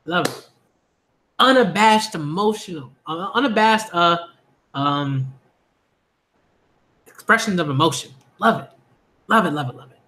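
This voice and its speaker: Male manga reviewer, live reaction read-through. High, bright voice, excitable, loops his favorite phrases. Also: measured pace, pauses often. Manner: excitable, repeats phrases, laughs often. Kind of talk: live reading reaction commentary.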